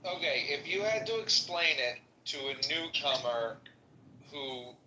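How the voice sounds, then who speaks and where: A man's voice: fairly high pitch, expressive, a little slow, sharp tone, a little hiss or hum. A man hosting casual podcast chat, asking blunt, profane and sarcastic questions in an echoey room.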